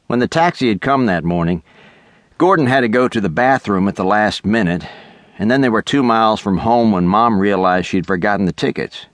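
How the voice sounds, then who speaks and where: Lively low-voiced male storyteller. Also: no echo. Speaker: audiobook narrator. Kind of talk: scripted narration. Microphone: close studio mic.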